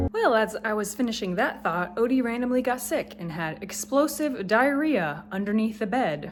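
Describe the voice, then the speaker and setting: A woman's voice: medium pitch, a little hiss or hum. A woman in her thirties talking to camera in a vlog, telling a personal story in a candid, emotional way with wry humor. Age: 30s. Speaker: vlogger. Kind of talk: confessional vlog monologue.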